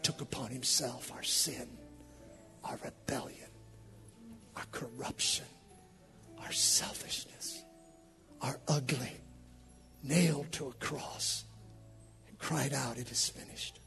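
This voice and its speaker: Gravelly preacher, loud to hushed. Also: male voice, mid-range voice, fairly even intonation, takes it slowly, pauses often, faint music behind. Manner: impassioned, swings from hushed to shouting. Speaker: pastor. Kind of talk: sermon with altar call.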